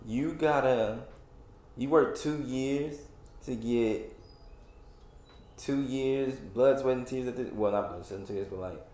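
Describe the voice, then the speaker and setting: A man's voice: mid-range voice, slow, pauses often, darkish tone, roomy sound. A man in his twenties hosting a solo podcast, venting in a rambling, frustrated way with many restarts and fillers. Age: 20s. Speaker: podcast host. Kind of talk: casual solo podcast rant.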